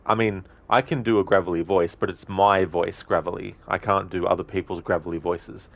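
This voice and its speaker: A man's voice: low voice, steady tone, brisk, creaky. A male streamer making casual commentary while gaming, rambling and thinking aloud.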